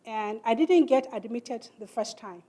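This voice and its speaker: A woman's voice: a little high, measured pace. A middle-aged Nigerian woman giving a speech in a large hall, telling her life story earnestly and acting out the people in it. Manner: earnest, animated storytelling with quoted dialogue. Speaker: keynote speaker.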